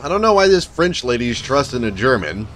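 A man's voice: mid-range voice, sing-song, a little fast, a bit bright, soft background music. Sarcastic, swearing man playing a game. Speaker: gameplay commentator. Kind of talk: casual let's play commentary.

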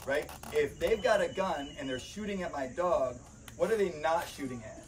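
A man's voice: fairly high pitch, expressive, fast. Emphatic man teaching, slightly off-mic. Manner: emphatic, often checks in with "right?". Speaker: protection dog trainer and podcast host. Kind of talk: casual instructional talk. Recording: slightly distant mic, faint background noise.

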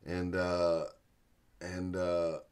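A man teaching through a Bible passage in a folksy, animated storytelling way, chuckling as he goes. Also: deep voice, very slow, smooth. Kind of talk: sermon-style Bible teaching.

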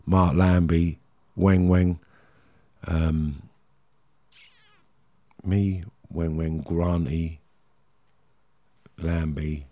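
A middle-aged man with a London Cockney accent, a podcast guest, candidly tells rambling, streetwise stories from his past, often saying "do you know what I mean". His voice is low, warm and level in tone, and he speaks very slowly with long pauses.

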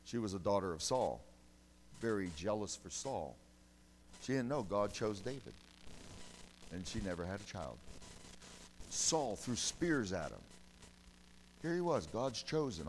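A male pastor preaching a sermon, folksy and emphatic, with sudden loud bursts between quieter, conversational stretches. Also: on the low side, expressive, moderate pace, long reverb tail, a little hiss or hum. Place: church sanctuary.

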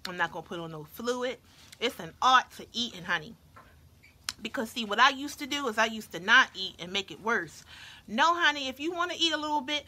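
A woman's voice: medium pitch, pushed and bright. A woman vlogger chatting playfully to her viewers while she eats, talking between bites. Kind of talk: casual chat to viewers while eating.

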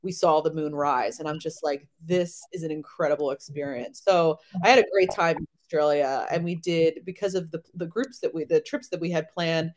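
A woman in her thirties, a podcast guest, telling travel stories in a chatty, animated way with lots of fillers. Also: low-pitched, moderate pace, hardly any pauses, poor audio. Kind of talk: casual chat.

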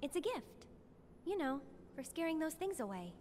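Cheerful young flower seller. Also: female voice, sits high, big pitch swings, moderate pace, a little hiss or hum. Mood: kind. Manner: bright, friendly, reassuring. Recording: game audio with music.

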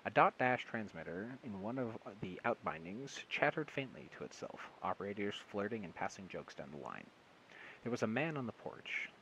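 A man reads a short story aloud in one casual take, his voice a bit low. He trips over words and corrects himself, with a light amused tone. A faint hiss sits under the recording. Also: a bit bright, low-quality recording. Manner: stumbling, self-correcting, with amused asides. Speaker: audiobook reader.

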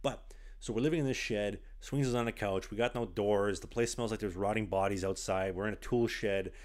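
Lively man telling stories. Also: fairly low pitch, fairly quick. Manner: animated storyteller, full of "like". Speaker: podcast host. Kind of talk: casual podcast chat. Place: small apartment.

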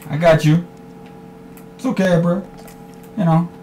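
A man giving live commentary over his own shooter gameplay, swearing freely and trash-talking in bursts of excitement. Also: a little high, measured pace, slight background noise. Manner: profane, excitable trash talk. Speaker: gaming commentator.

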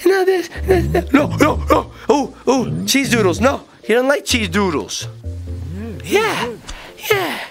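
A middle-aged man hosting a kids' game video, joking excitedly and playfully as he plays alongside his child. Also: very high voice, takes it slowly, creaky, faint music behind. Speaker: gaming channel host.

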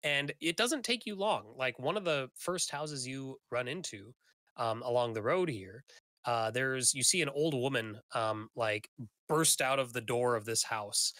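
A man's voice: mid-range voice, animated, unhurried, fairly bright tone, dry recording. A man narrating a tabletop game as game master, casual and loose, with many fillers.

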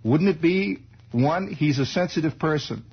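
A man's voice: a little high, animated, normal speed, slightly rough. An American man in his forties, hosting a radio show with a rambling, wry storytelling monologue full of asides, heard on a dull archival recording. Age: 40s. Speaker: radio host.

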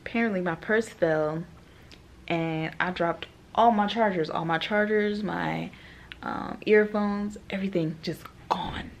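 A young woman, a flight attendant, telling animated stories in a casual vlog, laughing often and quoting people. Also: fairly low pitch, unhurried, slight background noise.

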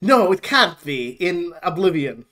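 A man co-hosting a casual gaming podcast, halting with fillers and restarts and laughing often. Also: high-pitched, sing-song, pushed and bright. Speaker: podcast co-host. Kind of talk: casual chat.

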